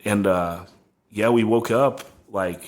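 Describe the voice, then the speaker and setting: A man's voice: on the low side, slow. A man in casual podcast chat, rambling through a tour story with constant "like" fillers.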